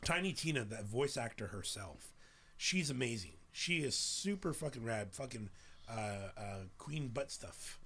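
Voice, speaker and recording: A man's voice: medium pitch, big pitch swings, a little slow, a bit bright, breathy edge. A man in his thirties hosting a podcast, chatting casually and animatedly, swearing freely and acting out voices as he retells scenes. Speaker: podcast host. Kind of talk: casual chat.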